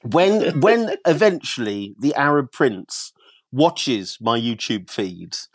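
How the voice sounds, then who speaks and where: A man from England, an antiques silver specialist, telling lively anecdotes as a podcast guest. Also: mid-range voice, takes it slowly, no echo. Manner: lively storyteller, mimics voices in his anecdotes.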